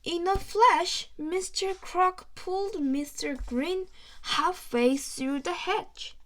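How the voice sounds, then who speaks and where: A woman reading a children's storybook aloud, slowly and carefully, with small stumbles. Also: very high-pitched, a bit bright. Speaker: reader.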